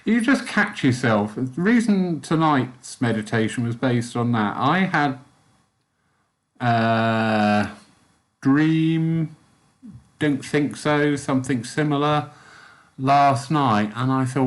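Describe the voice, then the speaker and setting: Slow, gentle man. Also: mid-range voice, animated. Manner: gentle, soft-spoken, chatty with small laughs. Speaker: spiritualist church meditation leader. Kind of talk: guided meditation and casual chat.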